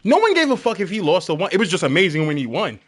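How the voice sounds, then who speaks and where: A man with a high, bright voice that jumps all over its range, ranting casually on a game stream. He swears freely and breaks into loud shouted crowd noises while he tells a story, then drops back to lecturing his viewers. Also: rapid-fire, slightly rough. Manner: profane, animated storytelling with shouted crowd imitations.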